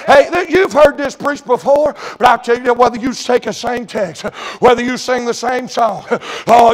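A preacher with a very high, ringing voice delivers a revival sermon in church. He drops low to tell a story, then climbs into shouted, drawn-out cries. Middle-aged, fervent, with a chanting rhythm. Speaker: evangelist preacher.

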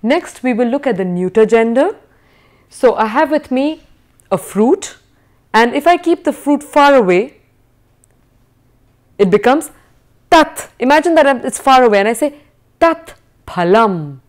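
A woman giving a recorded Sanskrit lesson, her voice a little higher than most. She speaks slowly and deliberately, drilling each word with careful pronunciation. Her pitch rises and falls widely, climbing sharply on questions. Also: lively intonation. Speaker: Sanskrit teacher. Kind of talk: recorded video lecture.

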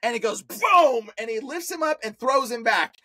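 A man, an exorcist, telling an excited story as a podcast guest, slangy and full of fillers. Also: extremely high pitch, normal speed, dry recording.

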